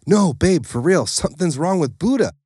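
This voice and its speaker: A man's voice: medium pitch, sing-song, normal speed, dry recording, clean studio sound, voice pushed up. An audiobook reader, a man, voicing a young man who blurts out his alarm and confusion, swearing as he goes. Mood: panicked. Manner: blurting, shaken.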